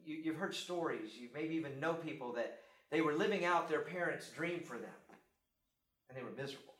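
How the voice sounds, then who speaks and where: Middle-aged man, preaching, a little high voice, heard from a distance in an echoing room, animated storytelling. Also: fairly quick. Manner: animated storytelling, acting out scripture dialogue. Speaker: speaker on faith and parenting. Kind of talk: sermon. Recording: roomy echo, mic at a distance.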